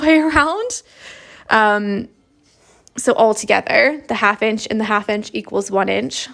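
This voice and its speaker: In a fairly high, gravelly, slightly bright voice, a young woman from Canada gives an upbeat, chatty embroidery tutorial. She is a crafting teacher explaining the process step by step in a casual way.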